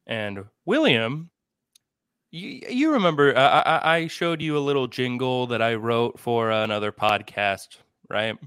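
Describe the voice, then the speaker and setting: Young dude joking around on a podcast, bright tense tone, dry mic. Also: male voice, mid-range voice, animated, a little slow, clean tone, no room sound. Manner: joking, laid-back banter. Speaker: podcast co-host. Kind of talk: casual podcast chat.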